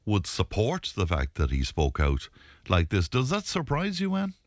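Man, radio host, low voice, very lively intonation, easygoing, gently teasing. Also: moderate pace, no room sound, clean studio sound. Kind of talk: casual radio chat. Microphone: studio microphone.

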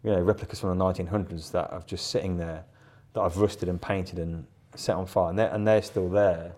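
In a casual live interview, a middle-aged artist appearing as a guest talks in a rambling way, repeating himself and laughing frequently. His deep, darkish voice is brisk with fairly even intonation.

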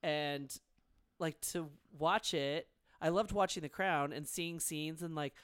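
A talkative woman co-hosting a casual chat show, telling stories with lively emphasis and the odd swear word. Her voice is smooth and clear, recorded close and dry with no room sound. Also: low voice, takes it slowly, no echo. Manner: chatty, animated, swears freely. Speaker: podcast co-host.

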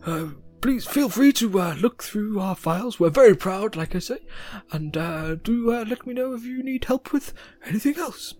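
A man's voice: high voice, expressive, normal speed, darkish tone, soft background music, pitched above the performer's own voice. A man voicing a fussy, polite male centaur records clerk, prim and hesitant. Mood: eager. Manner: prim, hesitant and overly courteous.

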